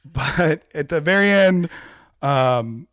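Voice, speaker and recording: A man's voice: fairly high pitch, animated, slow pace, fairly bright tone, dry recording, studio quality. A young man co-hosting a podcast in casual chat, animatedly retelling movie scenes and acting out lines. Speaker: podcast co-host.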